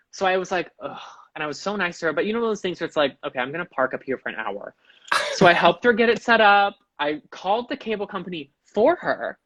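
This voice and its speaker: A podcast guest tells stories in a rambling, chatty way, filling gaps with "like" and "um" and acting out the people in them. The recording sounds a little dull and dry. The voice sits in a middle pitch. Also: a bit bright, no echo. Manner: chatty, many "like" and "um", acts out quoted people. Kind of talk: casual chat, telling anecdotes.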